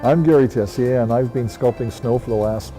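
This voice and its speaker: Mellow middle-aged man, hesitant and warm. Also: medium pitch, a little fast, soft background music. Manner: hesitant, many "uh" fillers. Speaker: snow sculptor. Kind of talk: documentary interview.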